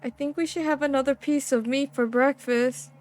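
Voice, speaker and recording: A young woman playing a horror game, reading its text aloud and reacting with excitable, slangy, swearing commentary. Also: high-pitched, normal speed. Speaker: gaming streamer.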